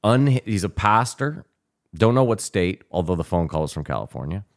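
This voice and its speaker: Podcast host, man, very low voice, animated storyteller, profane, casual chat. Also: moderate pace. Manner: animated storytelling, swearing, laughing often.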